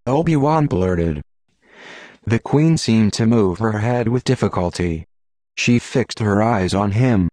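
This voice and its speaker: A man reading an audiobook in a steady, measured narration. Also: fairly low pitch, no room sound.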